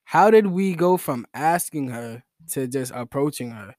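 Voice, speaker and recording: A man's voice: medium pitch, expressive, measured pace, darkish tone, no echo, studio quality. A young man hosting a solo podcast in a rambling, slangy, self-mocking, joking way. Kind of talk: casual joking monologue.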